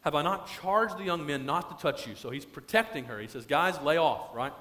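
Male pastor, lively sermon delivery, slightly high voice, long hall reverb. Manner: animated preaching, stretching key phrases slowly.

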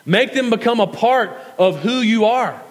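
Earnest preacher in a reverberant hall. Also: male voice, very high voice, animated, unhurried. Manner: earnest preaching with emphatic repetition and stretched key phrases. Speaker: pastor. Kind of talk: sermon.

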